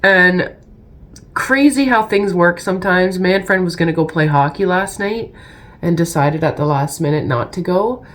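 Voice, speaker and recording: A woman's voice: fairly low pitch, unhurried. A middle-aged woman with a stuffy cold, chatting casually and rambling through a story for her vlog. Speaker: vlogger.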